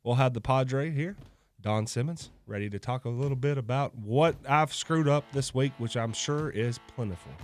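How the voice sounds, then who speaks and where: A man's voice: mid-range voice, moderate pace. A man hosting a local radio show, chatting loosely, joking and laughing between sponsor reads in a studio. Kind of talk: casual on-air chat with sponsor reads. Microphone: studio microphone.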